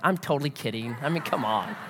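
A middle-aged man preaching a sermon in a relaxed, conversational way, mixing humor and personal stories. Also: medium pitch, background noise. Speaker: pastor. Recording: long hall reverb.

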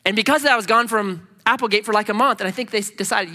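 A man preaching a sermon as pastor, animated and casual, acting out quoted speech with slangy asides. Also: sits high, brisk, vocal fry. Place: church sanctuary. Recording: long reverb of a church hall.

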